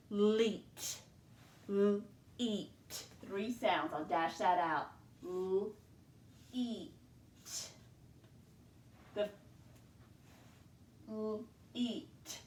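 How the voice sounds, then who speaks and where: A woman teaching a second grade phonics lesson, slowly sounding out syllables in a clear teacher voice. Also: mid-range voice, expressive, roomy sound, slight background noise.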